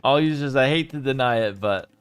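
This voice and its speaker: A young man casting a strategy game live and chatting with his viewers, with sudden bursts of excitement. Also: medium pitch, a little fast, clear, resonant tone, no echo. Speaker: game streamer and caster. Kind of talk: live game commentary with chat.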